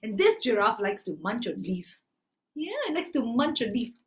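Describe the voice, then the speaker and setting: On a livestream captured by phone or camera, a young Malaysian woman teaches small children, exclaiming in a sing-song style. Her voice is on the high side and very animated at a moderate pace, with a noisy background.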